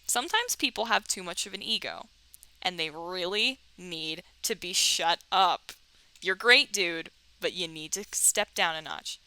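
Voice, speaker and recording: A woman's voice: on the low side, expressive, unhurried, sharp tone, clear, resonant tone, no echo, poor audio. Chatty young woman gamer reading aloud. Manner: chatty, joking, reads game text aloud. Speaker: let's play host. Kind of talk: casual game commentary.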